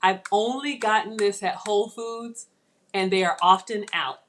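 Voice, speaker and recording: A woman's voice: mid-range voice, moderate pace, a bit bright, slight background noise. A middle-aged woman, hosting a chatty live cooking demo and talking viewers through each step. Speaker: channel host.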